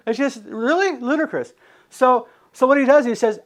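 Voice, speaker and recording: A man's voice: extremely high pitch, a little fast. A man giving a casual sermon, asking his listeners questions and acting out the people in the story. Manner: animated, asks rhetorical questions, acts out quotes. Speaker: preacher.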